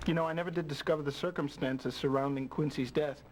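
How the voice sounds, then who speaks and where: An actor playing a polite young gentleman in a 1990s game, speaking quietly with a put-on British accent. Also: fairly high pitch, fairly even intonation, quick pace, a little hiss or hum, natural voice, poor audio.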